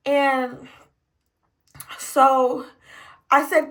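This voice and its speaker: Exasperated young woman ranting, bright voice. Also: high voice, low-quality recording. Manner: exasperated, profane, fast ranting. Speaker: emergency department tech. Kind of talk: casual storytime rant.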